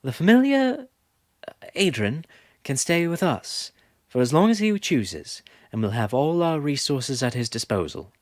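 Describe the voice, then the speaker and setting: Storybook character: a man doing a heated, insistent young woman, high and animated. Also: a little slow, no room sound, studio quality. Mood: earnest. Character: fierce, indignant young woman.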